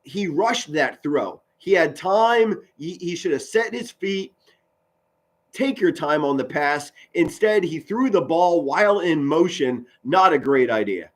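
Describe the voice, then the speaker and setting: Excitable man calling football play-by-play. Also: unhurried. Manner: excitable, pitch rising on big plays, stumbles and repeats words. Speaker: amateur play-by-play commentator. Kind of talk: live play-by-play commentary with chat.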